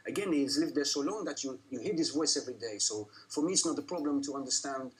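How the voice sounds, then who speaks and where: A man from London, an actor answering interview questions in a halting way, often repeating words. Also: medium pitch, low-quality recording. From London, England. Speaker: actor guest.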